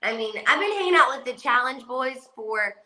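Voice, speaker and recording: A woman with a Southern accent chats casually, brash and quick to curse and laugh. Her voice is bright and on the high side, and it rings in an echoey room. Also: expressive. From West Virginia. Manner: brash, cursing, laughs a lot. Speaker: guest, reality competition star. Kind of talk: casual chat on a video call.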